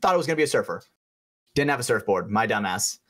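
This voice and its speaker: A young man co-hosting a podcast, telling a story in a loose, animated way, swearing freely and acting out the people in it. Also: on the low side, quick pace. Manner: animated, swearing storyteller who acts out voices. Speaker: podcast co-host. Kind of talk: casual storytelling chat.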